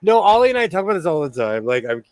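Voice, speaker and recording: A man's voice: high voice, sing-song, very fast, dry recording. Chatty older man hosting a stream. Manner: chatty, warm sign-off, laughs easily. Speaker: host. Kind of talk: casual livestream chat.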